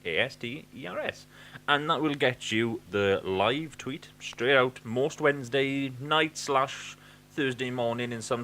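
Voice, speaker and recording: A man's voice: mid-range voice, fairly bright tone, slight background noise. A man co-hosting a podcast, chatting casually in a rambling, sweary way full of fillers. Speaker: podcast co-host. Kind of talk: casual chat.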